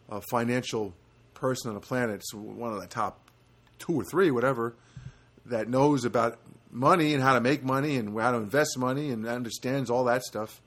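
A man's voice: medium pitch, a bit bright. A middle-aged man hosting a solo podcast, rambling and self-deprecating, with many fillers and restarts. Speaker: podcast host.

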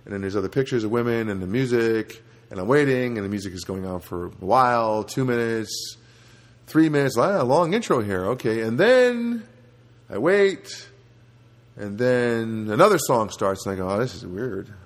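A man delivering a rambling comedic podcast monologue through a software voice filter, often breaking off and restarting his sentences. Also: moderate pace. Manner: rambling, self-interrupting, lively swings in pitch. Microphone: home recording setup.

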